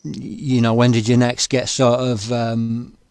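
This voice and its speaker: Halting man interviewing. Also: mid-range voice, completely flat delivery, darkish tone, smooth, dry recording, studio quality. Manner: halting, many restarts and fillers. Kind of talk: conversational interview.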